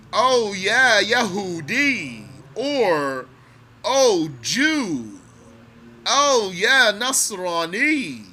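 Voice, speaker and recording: A man's voice: high voice, sharp tone. A man teaching a religious text line by line. He reads Arabic phrases, then translates and explains them word by word, often repeating himself. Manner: slow and deliberate, repeating phrases.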